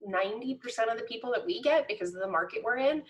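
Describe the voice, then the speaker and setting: A woman's voice: a little high, expressive, quick pace, muffled recording. A woman real estate coach teaching trainees in a conversational, emphatic way, often checking in with "okay?" and "right?". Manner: emphatic, direct instruction to trainees. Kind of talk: coaching lesson.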